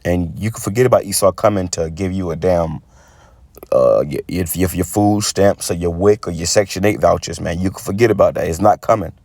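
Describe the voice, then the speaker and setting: A man giving a casual preaching monologue, rambling and stammering as he repeats words, and reading scripture slowly and deliberately. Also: low-pitched, creaky, darkish tone, dry recording. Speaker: street preacher.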